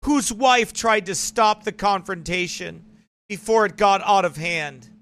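A man's voice: high voice, a little slow, fairly bright tone. A male pastor preaching in a combative, mocking, emphatic way. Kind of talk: fiery preaching broadcast.

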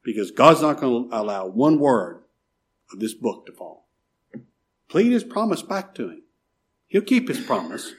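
A middle-aged man preaching a sermon, pleading and emphatic, swinging from loud rises to soft drops. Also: mid-range voice, sing-song, measured pace, pauses often, slightly rough. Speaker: pastor.

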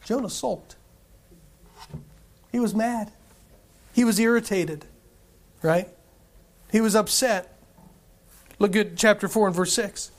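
Guy preaching, pretty high voice, reads scripture then hammers points home with lots of "right?". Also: slow, long pauses. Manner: emphatic, repeats himself, asks the congregation questions. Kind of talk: sermon with scripture reading.

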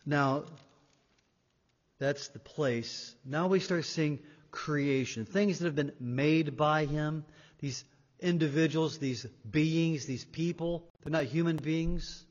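A man preaching a sermon, emphatic, swinging between loud and quiet and repeating words for weight. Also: on the high side, slow pace. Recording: dull sound in a reverberant hall.

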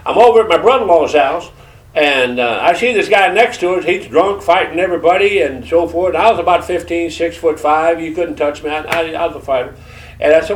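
An older man with a Georgia drawl preaches, drifting through stories with plenty of uhs and restarts. His voice sits a bit high. He is picked up from a distance in a roomy, echoing church hall. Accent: Southern US, Georgia. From Detroit. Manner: folksy storyteller, halting with many fillers. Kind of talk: sermon testimony. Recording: echoey room from far off.

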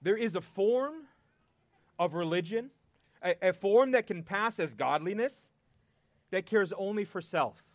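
A man preaching a sermon, earnest and emphatic, pausing and repeating words for weight. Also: high-pitched, expressive, no room sound.

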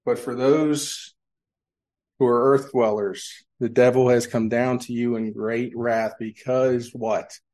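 A man's voice: medium pitch, steady tone, takes it slowly, darkish tone. Man preaching with rhetorical questions. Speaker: pastor. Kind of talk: sermon. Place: church sanctuary.

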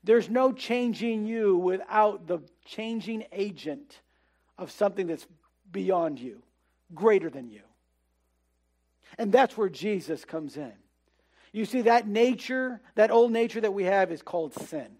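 A man preaching a sermon in a relaxed, conversational way, dropping to a soft hush on his key words. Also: high voice. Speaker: pastor.

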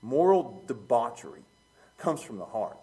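A man preaching a sermon, plain-spoken and chuckling, swinging from quiet low musing to loud emphatic peaks. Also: big pitch swings, a little slow. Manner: plain-spoken, uses street talk and chuckles.

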